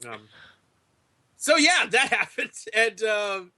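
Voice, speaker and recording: A man's voice: high-pitched, big pitch swings, slow, sharp tone, no room sound. A man hosting a podcast, chatting casually and joking with plenty of profanity. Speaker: podcast host. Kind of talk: casual chat.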